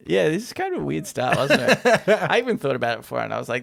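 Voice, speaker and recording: A man's voice: fairly high pitch, very animated, fast, vocal fry, fairly bright tone. A man in his twenties co-hosting a podcast, talking loosely with lots of fillers and laughing often. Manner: rambling, giggly, lots of fillers. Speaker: podcast co-host. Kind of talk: casual chat.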